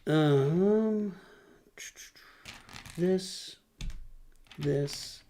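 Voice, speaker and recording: A man's voice: a little high, extremely slow, mellow, a little hiss or hum. A middle-aged man streaming live, chatting casually as he builds and referring to himself in the third person. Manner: rambling, talks about himself in third person.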